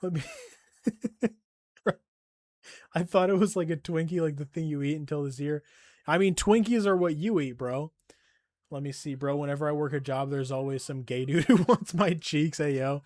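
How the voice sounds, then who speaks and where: A man's voice: a little high, no room sound, studio quality. A young man live-streaming a game and chatting casually, swearing constantly, joking and laughing often, and sounding tired. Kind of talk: casual stream chat while gaming.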